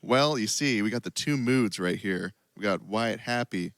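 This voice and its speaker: A man on a broadcast crew, talking in a laid-back, deadpan way. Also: on the low side, moderate pace, no room sound. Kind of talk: casual chat.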